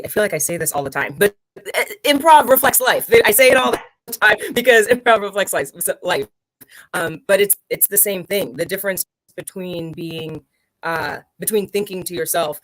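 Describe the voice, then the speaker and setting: A woman hosting a casual chat about improv, conversational and putting on much higher voices for quotes. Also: no echo, poor audio. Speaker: podcast host.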